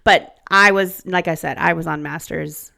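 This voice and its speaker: A woman in her thirties talks casually on a podcast, with a low voice that has a gravelly edge. She swears freely and gets animated as she tells her stories. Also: normal speed. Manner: profane, animated storyteller. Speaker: podcast co-host. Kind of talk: casual chat.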